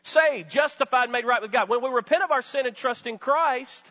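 A man's voice: extremely high pitch, normal speed, hardly any pauses, pushed and bright, lo-fi sound. A middle-aged man preaching a sermon as pastor, full of rhetorical questions and calls to the congregation.

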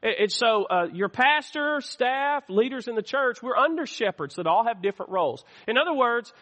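A pastor with a very high-pitched, fairly bright voice preaches in a church sanctuary, where a long reverb tail follows his words. He calls out to the church in call-and-response fashion and asks for amens.

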